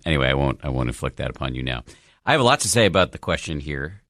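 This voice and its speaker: Man, very low voice, podcast host, thoughtful, self-deprecating, dry sound. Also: big pitch swings, racing, a bit bright, no room sound. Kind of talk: podcast talk answering a listener question.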